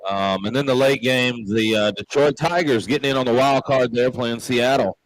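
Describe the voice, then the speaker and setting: A man from Memphis with a Southern accent, a pub owner and show host, rambling through stories with plenty of pauses and fillers. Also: mid-range voice, dry recording, low-quality recording. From Memphis, Tennessee. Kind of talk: casual chat.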